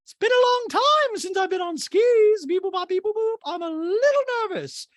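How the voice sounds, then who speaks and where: A man doing a shrill, beeping, anxious rich woman. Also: animated, no room sound, studio quality. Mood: nervous. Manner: shrill, slow, drawn-out squeals with beeping noises.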